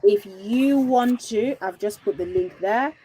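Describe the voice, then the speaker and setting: Woman streaming about parenting, warm mellow voice, bit husky, dry close sound, asks lots of questions. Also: medium pitch, a little slow, low-quality recording. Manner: chatty, reassuring, asks the audience questions. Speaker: parenting coach hosting a livestream. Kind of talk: casual livestream talk.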